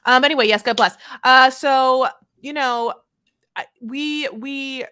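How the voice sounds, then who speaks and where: A woman co-hosting a podcast in animated, jokey casual chat. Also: high voice, slow pace, clean tone, dry recording, clean studio sound. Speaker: podcast co-host.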